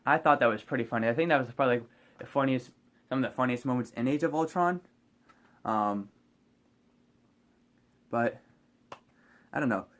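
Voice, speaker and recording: A man's voice: medium pitch, moderate pace, long pauses, fairly bright tone. A man casually reviewing a movie on his vlog, rambling and hesitant, with many fillers and restarts.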